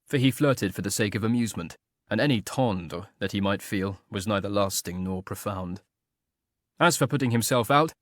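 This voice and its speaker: With a mid-range voice, a man narrates a historical romance audiobook in calm, even storytelling fashion. The scripted reading has no echo and clean studio sound.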